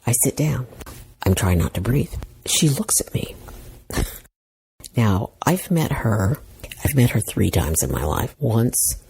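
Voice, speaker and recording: A middle-aged woman tells her own story in a very husky, gravelly voice. She sits unusually low for a woman yet swings her pitch widely, and she laughs at herself as she acts out what everyone said. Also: slow pace, long pauses. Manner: animated, self-mocking, laughs while talking, acts out quotes. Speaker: podcast host telling a personal story. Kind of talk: casual storytelling monologue.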